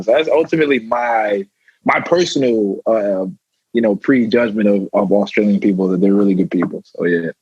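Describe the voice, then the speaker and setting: A man's voice: on the low side, moderate pace, slightly rough, dry recording, muffled recording. A young American man, a football player and rapper, chatting casually as a guest with lots of fillers. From United States. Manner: relaxed, laughing, many fillers like "you know". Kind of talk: casual interview chat.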